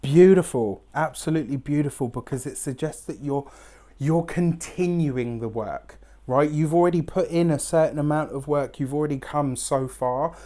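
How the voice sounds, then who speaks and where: This tarot reader is a man with a fairly high, dark-toned voice speaking at normal speed. He gives an effusive weekly reading to camera, often checking in with "right?" He is openly emotional, near tears at times.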